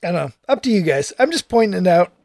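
Higher-voiced man in casual film chat. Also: very animated, fast, darkish tone, no room sound, clean studio sound. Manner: rambling, self-interrupting, laughs often. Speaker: podcast co-host.

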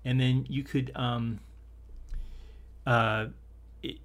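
A man co-hosting a relaxed conversation about a TV episode. He rambles, stops and restarts his sentences, and breaks into easy laughter. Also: mid-range voice, extremely slow. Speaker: podcast co-host. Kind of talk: casual discussion of an old TV episode.

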